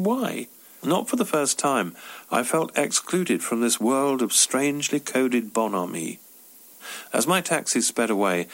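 A man reading his own devotional story aloud, wry and expressive. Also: medium pitch.

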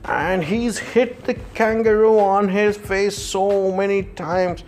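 A man's voice: high-pitched, steady tone, takes it slowly, a little mellow, a little hiss or hum. A man telling a playful children's story in the manner of a boxing commentator.

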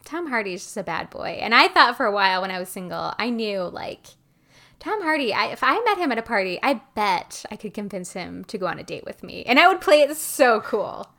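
A woman from Michigan telling a story in casual chat, animated and chatty, often laughing between sentences. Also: medium pitch, a little fast.

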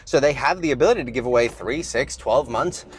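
A man's voice: medium pitch, brisk, slight background noise. A man hosting his own podcast in a loose, conversational way, slightly out of breath after the gym, with lots of fillers and restarts. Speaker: podcast host. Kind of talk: casual solo podcast talk.

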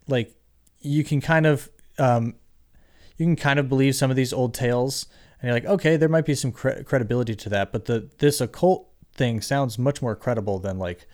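A man's voice: mid-range voice, darkish tone. Hesitant podcast guy, lots of fillers. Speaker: podcast co-host. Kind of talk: casual chat.

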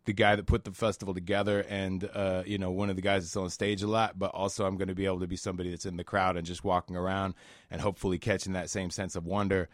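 A man being interviewed on the radio as a musician and festival organizer, talking in a relaxed, rambling way with fillers. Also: deep voice, quick pace, no room sound, clean studio sound.

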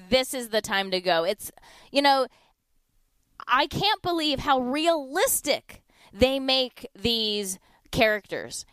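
Lively, smooth-voiced woman radio deal host. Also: no echo. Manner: chatty upbeat sales pitch, repeats phone number slowly. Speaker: radio shopping show host. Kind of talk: live radio deal segment with callers.

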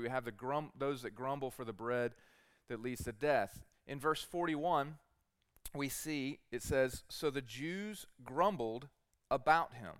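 A man's voice: medium pitch, fairly bright tone, clean tone, no echo, studio quality. A man preaching a sermon as teaching pastor, earnest and putting repeated rhetorical questions to the congregation.

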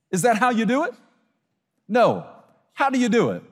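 A man's voice: very high-pitched, big-room sound. A man preaching a sermon as a pastor, acting out imagined listeners and little scenes as he goes.

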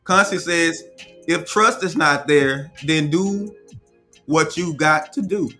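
A man's voice: fairly high pitch, takes it slowly, sharp tone, faint music behind. A man hosting a casual live chat, reading viewer comments aloud and giving firm opinions.

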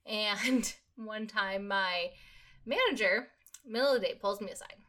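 A woman's voice: medium pitch, unhurried. A young woman hosting a podcast, telling a work story in casual chat and acting out what people said. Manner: animated storyteller, acts out quotes. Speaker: podcast host.

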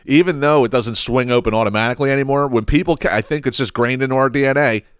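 A man tells a story in a loose, comedic podcast rant. He swears freely and stumbles over repeated words. His voice is mid-pitched and sits close and dry on the mic. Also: quick pace, clear, resonant tone, no echo. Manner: animated, profane ranting with frequent restarts. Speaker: podcast host.

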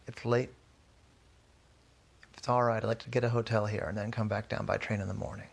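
A man's voice: fairly low pitch, flat delivery, fairly quick, vocal fry, husky. A man voicing an octopus private detective who speaks plainly and practically. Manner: plain, matter-of-fact.

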